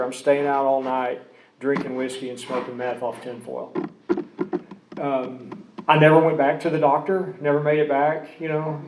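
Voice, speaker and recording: A man's voice: medium pitch, roomy sound, noisy background. A man telling his personal recovery story in a rambling way, full of restarts and asides. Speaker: recovery speaker.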